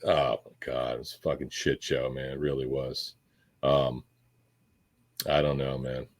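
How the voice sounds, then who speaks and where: A man's voice: very deep voice, little pitch movement, a little slow. A former Marine man hosting a casual chat, reminiscing in a rambling, profane, reflective way. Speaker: podcast host, former Marine.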